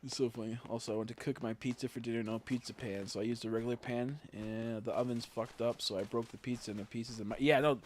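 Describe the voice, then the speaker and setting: A man's voice: medium pitch, steady tone, fast, hardly any pauses, a little hiss or hum. Young male streamer, casual crude banter, loose rambling delivery. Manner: crude, joking, rambling with profanity. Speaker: game streamer.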